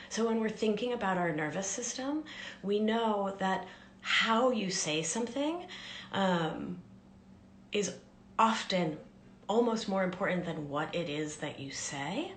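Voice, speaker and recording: A woman life coach giving a gentle, soothing teaching talk on a live stream, often dropping into soft whispers. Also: medium pitch, animated, measured pace, roomy sound, slight background noise.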